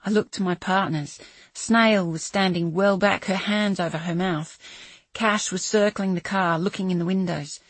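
Woman narrator, husky and dry, measured dramatic thriller reading. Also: fairly low pitch, fairly even intonation, no room sound. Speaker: audiobook narrator. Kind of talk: scripted narration.

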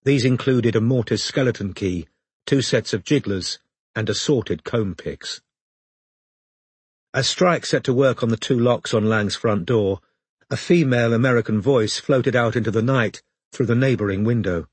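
A man narrating an audiobook in a measured, even reading. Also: medium pitch, husky, no echo.

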